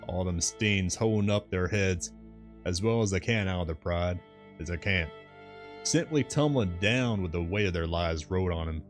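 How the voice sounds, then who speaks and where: A man's voice: deep voice, moderate pace, soft background music, close to an everyday voice. A man voicing a garrulous old seaside sailor who grumbles in a thick rustic dialect. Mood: scornful. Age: older.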